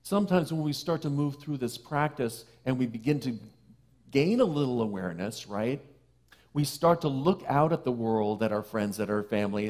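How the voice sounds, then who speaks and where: Guy preaching a sermon in a church, talks to the people like friends, drops soft and slow for the key bits. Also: mid-range voice. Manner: conversational, playful asides to the congregation; slows and softens for key phrases. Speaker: minister. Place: church sanctuary.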